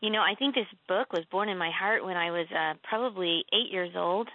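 Gravelly woman storyteller on a tinny phone-like line. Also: fairly quick, no echo. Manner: earnest, animated storytelling with emphatic pitch lifts. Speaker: author and guest. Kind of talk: casual faith conversation.

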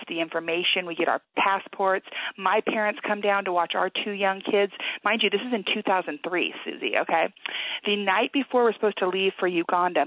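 A woman guest on a call-in radio show, telling a story with animated energy and acting out the people in it. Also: medium pitch, no room sound. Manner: lively, animated storyteller who acts out the voices; quiet, earnest prayer. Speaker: guest author. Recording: tinny phone-line sound.

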